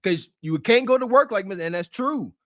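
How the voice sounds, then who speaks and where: A man's voice: sits high, expressive, normal speed, dry recording, clean studio sound. A man co-hosting a podcast, giving blunt, slangy, preachy commentary. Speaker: podcast co-host.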